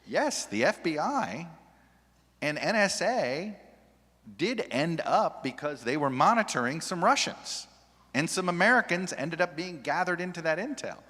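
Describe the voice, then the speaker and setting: Male journalist panelist, animated and restarting often, with a bright voice in a reverberant hall. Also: on the high side, a little slow. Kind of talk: panel discussion. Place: large hall with an audience. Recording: long reverb of a large hall.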